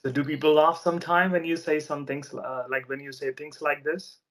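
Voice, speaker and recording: A man's voice: on the high side, little pitch movement, brisk, fairly bright tone. A man, a teacher from India chatting casually and asking patient, friendly questions, often laughing. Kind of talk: casual interview chat.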